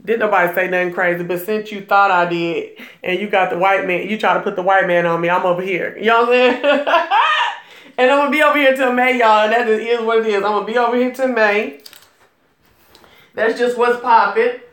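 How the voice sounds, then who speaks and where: A woman hosts a casual live stream in a bright, forceful voice, chatting with her viewers and greeting them by name. She laughs easily and gossips freely. The sound is roomy, with a clear echo. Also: mid-range voice, steady tone, brisk. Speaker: livestream jewelry seller and gossip host.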